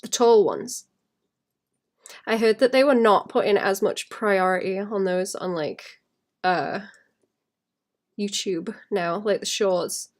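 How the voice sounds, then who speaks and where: A woman talks casually while she draws on a stream. Her voice sits at a middle pitch. She rambles, thinks aloud and often breaks into soft laughs. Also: a little slow. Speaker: illustrator streaming while drawing. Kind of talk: casual chat while drawing.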